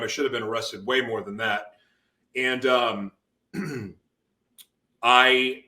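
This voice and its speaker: A man's voice: medium pitch, sharp tone. A man in an interview telling an intense personal testimony, his voice rising into sudden emotional outbursts. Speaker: guest.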